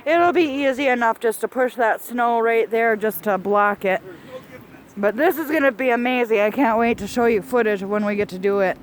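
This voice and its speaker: A woman's voice: a little high, slight background noise. A woman narrating a home video diary on her phone outdoors in a snowstorm, chatty and a little out of breath, laughing now and then. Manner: chatty, laughs often, talks to pets. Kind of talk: casual handheld narration. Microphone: phone held in hand.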